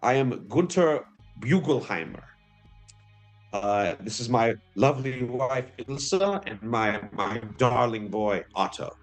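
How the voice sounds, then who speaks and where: A man's voice: medium pitch, very animated, slow, faint music behind. A man voicing a grateful German inventor and family father, in a German accent. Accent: German, put on. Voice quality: formal, effusive, earnest.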